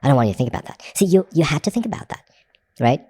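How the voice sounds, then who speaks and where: A man with a mellow, dark voice gives a recorded lesson on a very dry sound. He explains in loose spoken runs, restarts often and keeps checking in with "right?". Now and then he repeats a phrase in different tones to demonstrate. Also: a little high, animated, rapid-fire, slightly rough, dry recording. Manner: demonstrates shifts of tone by saying the same phrase several ways. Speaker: hypnosis course instructor.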